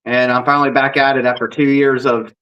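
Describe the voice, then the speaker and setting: A man's voice: medium pitch, a little fast, lo-fi sound. Man, paranormal investigator, casual storytelling, rambling, acts out dialogue. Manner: rambling, animated, reenacts dialogue.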